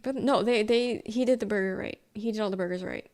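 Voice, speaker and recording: A soft-spoken woman streamer rambling through a story in casual chat, swearing freely. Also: medium pitch, fairly quick.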